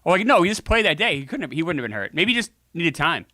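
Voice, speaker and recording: A man commenting over a sports video game in a loose, joking way, swearing now and then and talking straight to his viewers. His voice sits a little high, swings widely in pitch and has a bright, forceful edge. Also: very animated, quick pace, no echo. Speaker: gaming show host.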